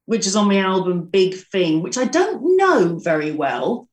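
A woman guest on a radio music show, talking quickly and eagerly about her favourite songs. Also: medium pitch, sing-song, far from the mic. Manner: quick, enthusiastic music talk. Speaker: guest presenter. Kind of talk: casual chat. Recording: roomy sound from off-mic.

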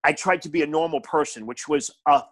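A man's voice: a little high, a little fast, fairly bright tone. An older man, a comedian on a podcast, telling stories bluntly with lots of swearing and emphasis. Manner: blunt, profane, emphatic storytelling. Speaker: stand-up comedian, podcast guest. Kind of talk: casual podcast chat.

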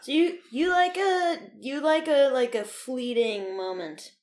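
A woman's voice: sits high, measured pace, darkish tone. A young woman chatting casually on a podcast, teasing her co-host with crude jokes and lots of fillers. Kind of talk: casual chat.

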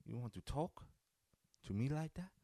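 A man's voice: medium pitch, lively intonation, moderate pace, creaky, mellow, a little hiss or hum. A man voicing a stern, confrontational father who challenges someone. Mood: menacing. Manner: menacing, challenging.

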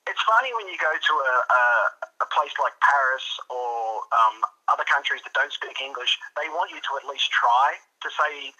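Australian man, very bright tone, husky, laid-back, stumbles and repeats words. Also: mid-range voice, moderate pace, rough recording. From New South Wales, Australia. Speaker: podcast co-host. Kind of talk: casual chat.

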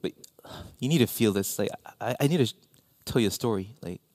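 A man preaching a sermon as pastor, animated, with self-deprecating asides and sudden drops to near-whispers. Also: fairly low pitch, fairly quick, dry recording, studio quality.

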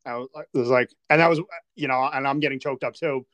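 A man's voice: medium pitch, steady tone, quick pace, a bit bright, dry recording. Casting: man, podcast host, earnest and detailed, dry close sound. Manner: earnest, recounts scenes in detail. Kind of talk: casual chat.

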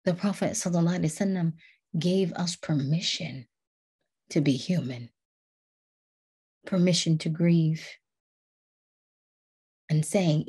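Woman religious teacher, low husky voice, earnest, repeats phrases for emphasis. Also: a little slow, pauses often, mellow. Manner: earnest, repetitive, builds emphasis by repeating words. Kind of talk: devotional talk.

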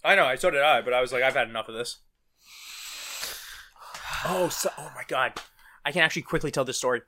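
Young male podcast co-host; quick, bright and animated, acts out quotes. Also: mid-range voice, slight background noise. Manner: fast, animated storytelling with acted-out quotes. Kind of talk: casual chat.

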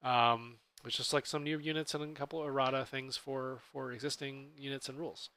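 A man co-hosting a podcast, chatting casually about tabletop gaming in a relaxed, explanatory way. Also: mid-range voice, a little fast, clean tone. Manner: relaxed, explanatory, self-correcting. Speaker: podcast co-host.

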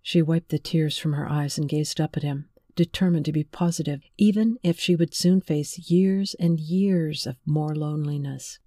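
A woman reading a romance novel aloud in measured, emotive scripted narration. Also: low voice, dark tone, no room sound, clean studio sound. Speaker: audiobook narrator.

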